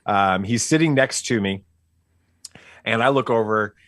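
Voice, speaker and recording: Give me a middle-aged man as a podcast guest, low-voiced and dry, rambling through a family story. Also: measured pace, no room sound. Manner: animated, rambling with fillers and restarts. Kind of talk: casual storytelling.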